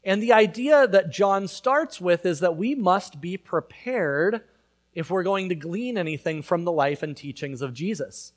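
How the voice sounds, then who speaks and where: A man preaching a sermon in a conversational way, building to loud emphatic peaks. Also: sits high, lively intonation, measured pace. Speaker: pastor.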